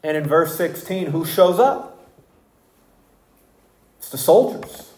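A preacher giving an expository sermon, speaking slowly and emphatically and asking the congregation rhetorical questions. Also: mid-range voice, expressive, darkish tone. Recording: echoey room.

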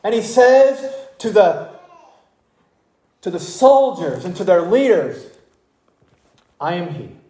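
A preacher giving an expository sermon, speaking slowly and emphatically and asking the congregation rhetorical questions. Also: medium pitch, big pitch swings, mellow. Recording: echoey room.

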